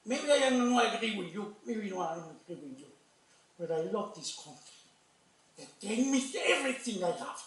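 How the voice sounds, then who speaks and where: A man's voice: high voice, animated, normal speed. A man from Cuba with a Cuban Spanish accent, speaking up with passion in broken English during public comment at a city meeting. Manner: broken English, impassioned, repetitive. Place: city commission meeting hall. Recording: echoey council chamber, distant mic.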